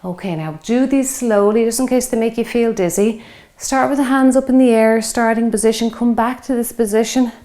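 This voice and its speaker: A woman's voice: fairly high pitch, normal speed, warm tone. Encouraging woman coaching a workout. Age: 50s. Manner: encouraging, coaching while exercising. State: out of breath. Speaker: fitness instructor. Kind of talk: guided workout instruction. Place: home workout space.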